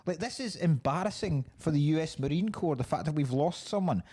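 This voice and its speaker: A man's voice: fairly high pitch, animated, brisk, warm tone, husky. A man hosting a podcast, chatting casually about a film in a sweary, incredulous way. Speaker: podcast host. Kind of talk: casual film-review chat.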